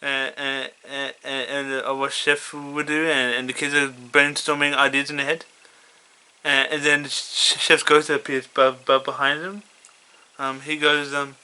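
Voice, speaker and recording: Guy reading his own fan story, lots of ums and stutters, super bright clear voice. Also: mid-range voice, level tone. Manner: halting, stuttering, many fillers. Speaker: fan fiction reader.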